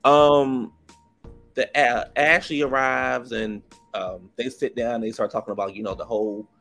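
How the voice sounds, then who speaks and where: A man with a Washington DC area accent recapping a reality show in a casual, gossipy way. He laughs often and swings his pitch up high when he acts out the cast. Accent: DMV (Washington DC area). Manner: animated and gossipy, laughing often, big jumps in pitch when acting out others. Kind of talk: casual chatty episode review.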